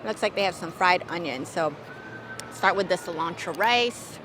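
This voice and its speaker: A woman's voice: on the low side, lively intonation, normal speed, background noise. A woman food vlogger chatting casually as she tastes and reviews dishes outdoors, hedging and thinking aloud. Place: outdoors at a theme park, windy.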